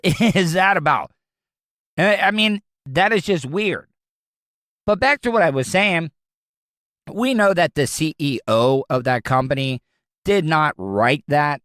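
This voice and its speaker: A man's voice: a little high, fairly bright tone, dry recording, studio quality. A man with a Southern American accent, hosting his own podcast with blunt, rambling opinions. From Southern United States. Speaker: podcast host. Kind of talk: casual opinion talk.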